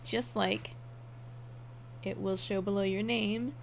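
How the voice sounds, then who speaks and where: A woman's voice: medium pitch, fairly even intonation, slow, gravelly, slight background noise. A woman player in a tabletop game voice chat, laid-back, asking the others questions.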